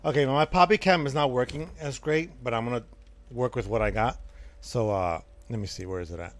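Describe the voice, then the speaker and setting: A man live-streaming a game, chatting casually with his viewers and reacting loudly to the action. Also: mid-range voice, a little fast, slight background noise.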